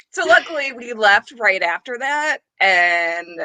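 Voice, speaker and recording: A woman's voice: a little high, sing-song, extremely slow, pauses often, pushed and bright, no room sound. A woman co-hosting a podcast, telling a story in casual chat and laughing often. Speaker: podcast co-host.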